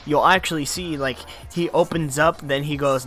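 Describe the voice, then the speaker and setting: A man's voice: on the high side, steady tone, moderate pace, hardly any pauses, a bit bright. A young man hosting a casual podcast chat, rambling and swearing, laughing often. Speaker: podcast host. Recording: faint music behind the talk. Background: faint music.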